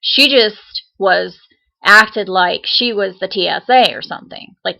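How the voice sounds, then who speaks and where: A woman vlogs a casual rant, chatty and indignant, circling back with fillers and restarts. Her voice has a gravelly, fry-laden edge. The sound is dull and lo-fi, like a basic webcam mic. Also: mid-range voice, takes it slowly, pauses often. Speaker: vlogger.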